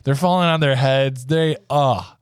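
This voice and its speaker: A man co-hosting a comedy podcast talks in a loose, joking way and laughs readily. His voice sits in a middle pitch. The recording is close and dry. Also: measured pace, smooth, no room sound. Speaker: podcast co-host. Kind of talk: casual comedy chat.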